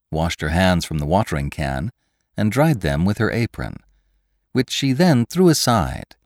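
A man narrating a classic tale for a podcast in measured, expressive storytelling. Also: lowish voice, no echo, studio quality.

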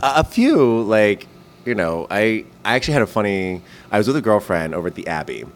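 A man's voice: on the low side, sing-song, a little fast. A man, a guest comedian, chatting on a podcast and telling rambling stories with many restarts. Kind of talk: casual podcast chat.

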